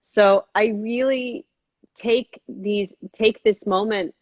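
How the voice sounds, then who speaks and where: A woman in her thirties, an actress and filmmaker, chatting in an interview and often jumping into high-pitched quoted voices. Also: fairly even intonation, takes it slowly, no echo, highs cut off. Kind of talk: casual interview chat.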